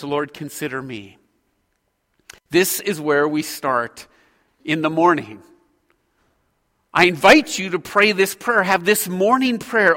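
A man's voice: fairly high pitch, bright, forceful tone. Earnest male pastor preaching in a hall. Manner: earnest, preaching with measured pauses. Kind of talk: sermon. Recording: hall reverb.

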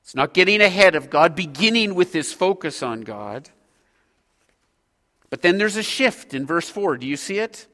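A man preaching a sermon as a pastor, earnest and measured, pausing between phrases. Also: high-pitched, lively intonation, pushed and bright. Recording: hall reverb.

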